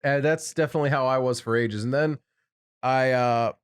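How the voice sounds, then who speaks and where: A man's voice: medium pitch, steady tone, moderate pace, smooth. Wry, rambling man on a podcast. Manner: wry, rambling storyteller with sarcastic asides. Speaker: podcast co-host. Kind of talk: casual podcast chat.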